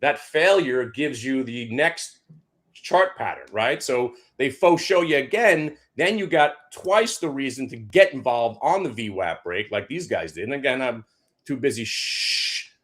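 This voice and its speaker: A man's voice: medium pitch, animated, measured pace, fairly bright tone. A man recapping trades in a brash, punchy way, trash-talking short sellers. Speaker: day trader. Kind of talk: hyped trading recap.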